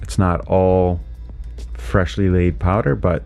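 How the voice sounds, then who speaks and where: A man who is a driving instructor, explaining winter driving in a relaxed, chatty way from inside his car, with lots of "you know" and "right?". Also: low voice, takes it slowly, creaky, soft background music. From Canada. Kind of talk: casual instructional commentary while driving.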